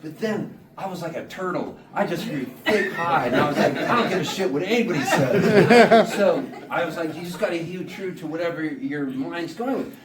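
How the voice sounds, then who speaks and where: A singer-songwriter telling a rambling comic story to a live audience, laughing and quoting people in voices. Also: male voice, a little high, moderate pace, hardly any pauses, a crowd in the background. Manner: laid-back, laughing, quotes people in voices. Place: small showcase room, live audience. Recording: roomy live room, mic at a distance, background noise.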